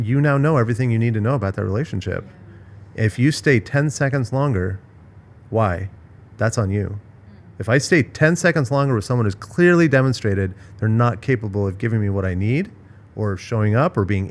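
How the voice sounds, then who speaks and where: A middle-aged man hosting a casual podcast conversation, speaking frankly and with emphasis, sometimes swearing. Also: medium pitch. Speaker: podcast host.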